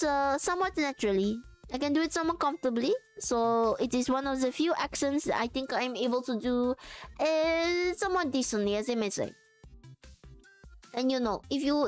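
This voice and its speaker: A woman putting on a playful mock French accent, halting and full of restarts as she explains how it works. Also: mid-range voice, clean tone, voice pushed down, heavily acted.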